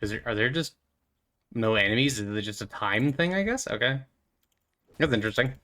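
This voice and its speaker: Young male gaming host, mid-pitched and loose, chatty goofball doing relaxed let's-play chatter. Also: a little fast, pauses often. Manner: rambling, goofy and playful, with many fillers. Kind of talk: casual commentary while playing.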